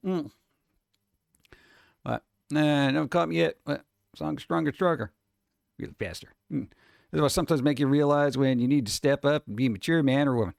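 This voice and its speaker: A man's voice: on the high side, normal speed, vocal fry, long pauses, dry recording, studio quality. A man in his forties, a streamer rambling casually and answering chat, swearing and chuckling often.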